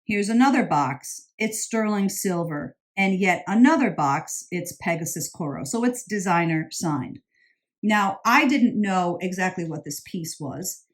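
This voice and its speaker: A woman's voice: on the low side, animated, a little slow. A woman vlogging a casual haul video about jewelry she bought, chatty and enthusiastic, often repeating words for emphasis. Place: indoors, traveling.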